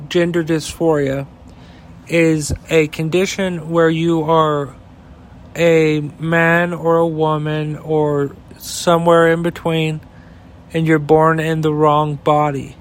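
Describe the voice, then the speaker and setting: Man, slow deliberate delivery, fairly high voice, profane, heated, rambling opinion monologue. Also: clear, resonant tone. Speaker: podcast host. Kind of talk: opinion rant.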